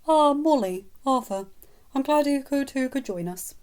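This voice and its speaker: Woman voicing a grave old wizard headmaster, slow, soothing, calm, storybook reading. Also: high-pitched, pitched above the performer's own voice. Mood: welcoming.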